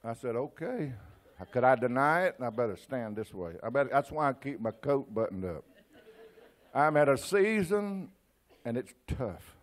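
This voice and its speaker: A man's voice: mid-range voice, big pitch swings, normal speed. An older man in his sixties with an East Texas accent, preaching a folksy sermon full of personal stories and stammered restarts. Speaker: church speaker.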